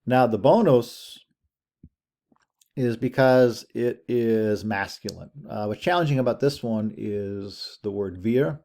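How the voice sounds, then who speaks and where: A man teaching an introductory Latin class in a relaxed, conversational lecture, thinking aloud as he goes. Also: medium pitch, takes it slowly, creaky. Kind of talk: recorded lecture over screen share.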